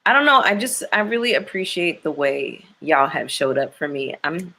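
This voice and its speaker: A low-pitched woman chats to her viewers on a livestream, sounding worn out and emotional. Her talk is candid and slangy, like she is venting to friends. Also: animated, normal speed. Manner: gets loud and high-pitched when ranting. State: exhausted and emotional. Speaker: YouTube livestream host. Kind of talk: casual livestream chat with viewers.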